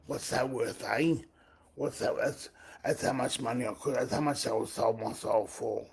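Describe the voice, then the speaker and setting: A man's voice: mid-range voice, fairly even intonation, normal speed, vocal fry, breathy edge. A man in his forties talking through a rambling live monologue, repeating his phrases and circling back to them. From Australia. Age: 40s. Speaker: livestream host.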